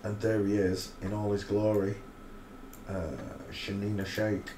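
A man's voice: on the low side, level tone, measured pace. A man hosting a live stream, giving rambling, mocking commentary full of crude asides. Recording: roomy echo, faint noise.

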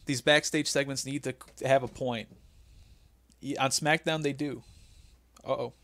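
A man's voice: medium pitch, moderate pace. A young man co-hosting a podcast, chatting casually and animatedly as he recaps a show. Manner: animated, laughing, putting on mock voices for quotes. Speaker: podcast co-host.

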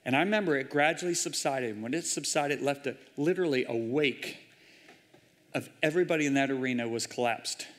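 A man preaching a sermon, telling a story with intense drama and sudden loud bursts. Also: mid-range voice, a little fast. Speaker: guest preacher. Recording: hall reverb in a large church.

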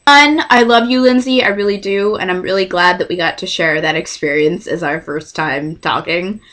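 A young woman vlogger telling a story in a casual, excitable and self-mocking way. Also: fairly low pitch, normal speed.

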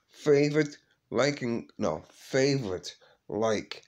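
Slow, halting man vlogging. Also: mid-range voice, a little mellow. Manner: halting, repeats and restarts words, grieving. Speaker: vlog host. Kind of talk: emotional personal vlog.

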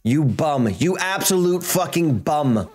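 An exasperated man rants through his video game commentary, swearing constantly. He swings between shouting and grumbling under his breath. His voice sits a little high, with faint music playing behind him. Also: expressive, measured pace. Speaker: gaming channel host. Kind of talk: profane gameplay commentary.

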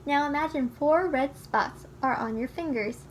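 Brief: a woman reading a children's book aloud, gentle and instructive, with a bright, high voice. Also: measured pace, slight background noise. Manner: gentle, teaching tone, speaks to the child listener. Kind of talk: storybook read-aloud.

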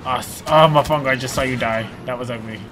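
A man's voice: medium pitch, quick pace. A man streaming a game live, chatting casually, joking, swearing and laughing often.

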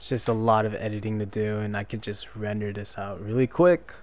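A young man giving casual let's-play commentary, self-deprecating, with loud frustrated outbursts. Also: on the low side, flat delivery, a little fast. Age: young adult. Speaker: gameplay commentator.

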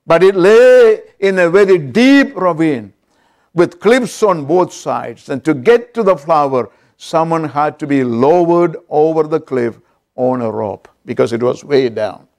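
Slow-speaking preacher telling a story. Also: male voice, on the high side, expressive, darkish tone. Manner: storytelling preacher with call-outs to the congregation. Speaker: pastor. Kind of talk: sermon.

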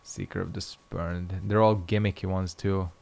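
A man's voice: deep voice, flat delivery, moderate pace, vocal fry, darkish tone. A young man casually commenting on his own gameplay, swearing and joking to himself. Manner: swears freely, jokes to himself. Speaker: gaming video host.

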